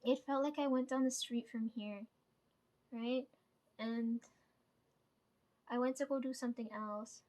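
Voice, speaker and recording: A woman's voice: a little high, steady tone, a little slow, pauses often, mellow. Rambling woman retelling a dream. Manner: rambling, fillers like "right?" and "like"; swears casually. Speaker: vlogger.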